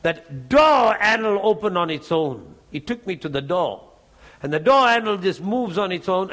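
A man preaching, telling a testimony in a lively way, often laughing and acting out the voices and prayers in his story. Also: high voice.

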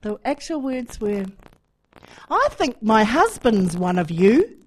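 A woman preaching, giving a testimony as an animated story and acting out the dialogue. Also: a little high, slow pace, low-quality recording. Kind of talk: sermon testimony.

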